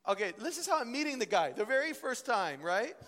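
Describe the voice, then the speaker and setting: A young man teaching at a ministry school, telling stories in an animated preaching style. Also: very high voice, fairly quick. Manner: animated storytelling, voice rising and falling with emotion. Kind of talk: sermon. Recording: long hall reverb.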